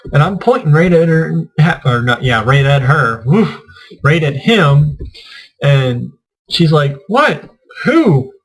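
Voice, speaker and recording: This man, who runs a gaming channel, speaks slowly in a fairly high voice while meandering through a convention anecdote and performing other people's lines. The recording quality is low.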